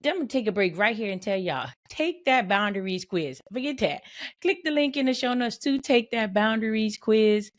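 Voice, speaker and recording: A woman hosts her own motivational podcast, coaching listeners on boundaries. Her voice sits on the low side, and she drives points home emphatically, repeating them and tagging lines with "right?". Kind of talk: motivational solo podcast talk.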